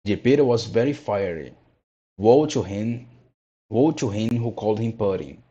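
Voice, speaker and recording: A man reading a children's classic aloud in a measured, steady way. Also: lowish voice, slightly rough, dull audio. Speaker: narrator. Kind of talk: storybook read-aloud.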